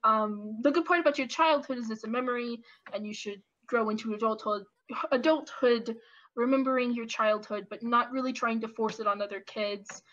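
A woman in her twenties giving casual, animated opinion commentary with lots of ums and restarts. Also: a little high, moderate pace. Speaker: YouTube commentator. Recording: lo-fi dull audio.

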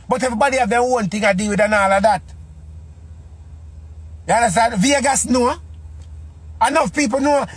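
Jamaican guy ranting casual, high husky voice, keeps asking you know what happened. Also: a bit bright. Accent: Jamaican Patois. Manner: repetitive, rhetorical questions. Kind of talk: casual monologue.

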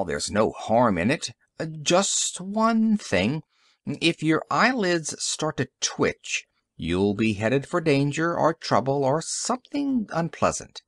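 A man voicing a pleasant, courteous male inventor in an audiobook story, speaking gently and politely. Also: mid-range voice, no echo, studio quality.

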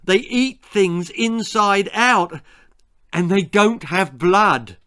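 A man doing a cocky, excitable schoolboy. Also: high voice, voice pushed up, exaggerated voice. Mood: jittery. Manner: quick, excitable, boyish. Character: cocky prankster schoolboy, jittery and boastful.

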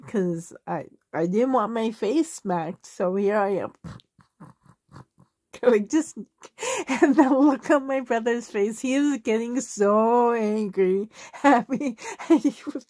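Her voice sits on the high side, slow and a little mellow, captured cleanly in a studio without echo. She's a vlogger in her forties from Canada, loosely telling family anecdotes for a tag video, full of fillers and laughter.

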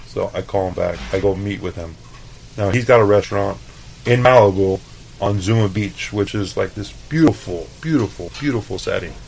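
A man's voice: on the low side, moderate pace, vocal fry, a little mellow, a little hiss or hum, low-quality recording. A man from El Paso, a chef guest telling laid-back, profane stories in a casual interview. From El Paso, Texas.

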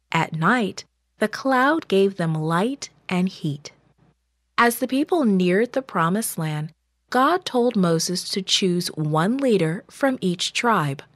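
Woman narrator, kids' Bible story, unhurried and lowish, dry close sound. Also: expressive, no room sound. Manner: slow, measured, gentle reading.

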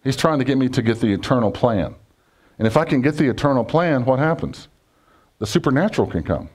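A pastor preaching a conversational sermon, joking and asking the congregation questions. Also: male voice, medium pitch, animated, a little fast, a little mellow.

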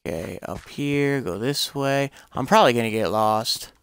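A man's voice: medium pitch, animated, moderate pace, vocal fry, a bit bright, slight background noise. A man giving casual, rambling commentary over his own gameplay, often searching for words and exclaiming when things go wrong. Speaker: gameplay streamer.

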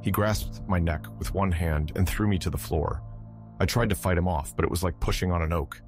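A man narrating a scripted horror story in a measured, dramatic way. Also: low-pitched, steady tone. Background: faint music.

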